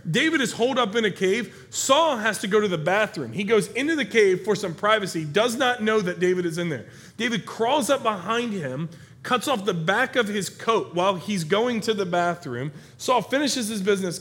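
A man with a high voice preaches a sermon, telling a Bible story in a lively, conversational way. He acts out the characters' lines, rising in pitch and volume as they shout. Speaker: pastor.

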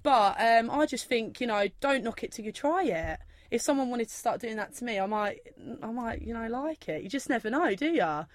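A woman's voice: a little high, lively intonation, normal speed, few pauses. A twenty-year-old woman, co-hosting a podcast and chatting frankly. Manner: chatty, frank, uses British slang. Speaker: podcast co-host. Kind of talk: casual chat.

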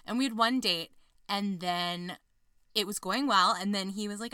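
A young adult woman co-hosting a casual chat, animated and jokey, her voice swinging from loud to soft. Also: mid-range voice, fairly quick, clear, resonant tone, dry recording. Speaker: podcast co-host.

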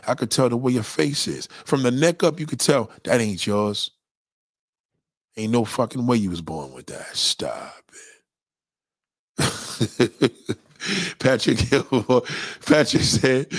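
Profane, animated man ranting on a livestream. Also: slow pace, pauses often, dry recording, studio quality. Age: middle-aged. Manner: blunt, profane, animated, swings high and low in pitch. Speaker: livestreamer answering viewer questions. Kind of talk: crude casual rant.

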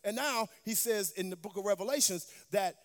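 A woman's voice: medium pitch, fairly quick. A woman preaching a sermon, emphatic, calling out for responses from the congregation. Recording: long hall reverb.

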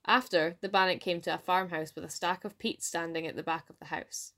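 A woman with a Scottish accent narrating a folk tale aloud in a lively storytelling manner. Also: fairly low pitch, brisk. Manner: lively read-aloud with voiced dialogue.

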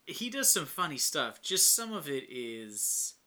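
A man's voice: on the high side, big pitch swings, a little slow, pushed and bright. A man co-hosting a casual movie review chat, laid-back and wry, hedging with fillers. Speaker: podcast co-host.

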